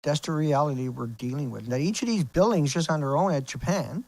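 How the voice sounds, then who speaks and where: In a dry recording, a video host speaks fairly quickly in a fairly high, creaky, slightly mellow voice. He rambles casually but insistently over images on screen, tossing out rhetorical questions.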